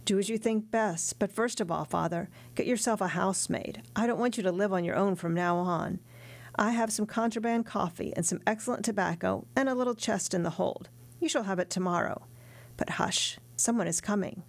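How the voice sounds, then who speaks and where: A woman voicing an earnest, warm-hearted young sailor in an audiobook reading. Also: mid-range voice, brisk, creaky, lightly acted.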